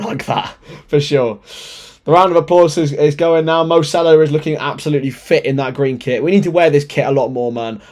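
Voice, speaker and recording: A man hosting a live football watchalong, commenting as a fan. He talks in an excitable, chatty way, often stumbles over words, and sounds nervous and shaky. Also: a little high. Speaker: watchalong host.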